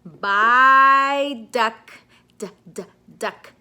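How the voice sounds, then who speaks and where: A woman speech therapist leading a slow toy play lesson for a child, stretching first sounds and making animal noises. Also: a little high, big pitch swings, bright, forceful tone. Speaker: speech-language pathologist.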